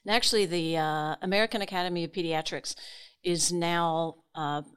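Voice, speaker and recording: A woman from South Louisiana in her forties with a smooth, clear voice, pitched a little low. She speaks as a guest, informative and easygoing. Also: fairly even intonation, moderate pace. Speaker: guest, tree organization director. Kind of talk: casual interview talk.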